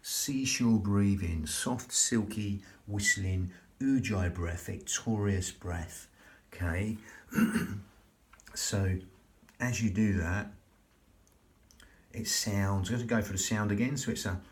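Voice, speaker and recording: Slow, soothing low-voiced man. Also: a little hiss or hum. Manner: slow, soothing, repetitive guidance. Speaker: yoga and breathing instructor. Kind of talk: guided relaxation instruction.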